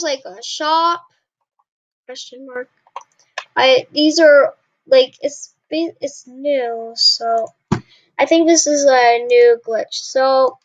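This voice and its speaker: A young woman running a gaming channel talks casually over her gameplay, often frustrated and apologizing to viewers. Her voice sits high, and the recording is dry, with a dull lo-fi sound.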